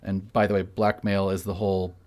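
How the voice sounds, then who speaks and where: A man's voice: low voice, flat delivery, brisk, a little mellow. A man co-hosting a casual chat podcast, explaining a topic, joking and reading quotes aloud. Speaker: podcast co-host.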